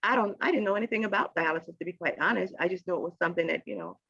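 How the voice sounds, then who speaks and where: Animated storytelling woman with a gravelly edge. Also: rapid-fire, no room sound. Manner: animated storyteller, acts out quoted voices with big pitch jumps, laughs often. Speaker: podcast guest, realtor. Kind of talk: casual storytelling interview. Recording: dry, slightly dull podcast audio.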